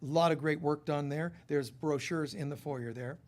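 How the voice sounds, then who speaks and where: A man with a fairly high voice making loose, chatty announcements at a church service. He rambles and fills pauses with ums and uhs as he talks to the congregation. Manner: chatty, rambling, with many fillers. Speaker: spiritual teacher leading a church service.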